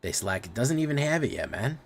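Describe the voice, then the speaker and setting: A man's voice: medium pitch, very animated, brisk, gravelly. A man streaming live, chatting casually with viewers, rambling and swearing freely.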